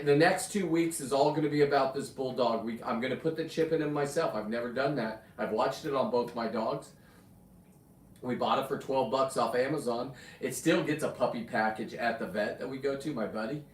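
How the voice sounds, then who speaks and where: Laid-back guy rambling on a live stream, echoey room, mic set back a bit. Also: a little high. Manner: casual, chatty, rambling, with restarts and cussing asides. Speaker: livestream host, spearfisher and taxidermist. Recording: roomy room, mic at a distance.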